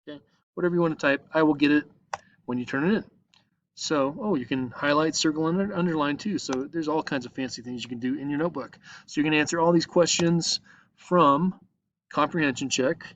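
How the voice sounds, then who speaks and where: A man's voice: fairly high pitch, fairly quick, fairly bright tone, dry recording, muffled recording. A male teacher patiently walks his students through an online lesson, checking in with frequent "okay?" as he explains each step. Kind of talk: recorded online lesson walkthrough. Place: at a computer, screen recording.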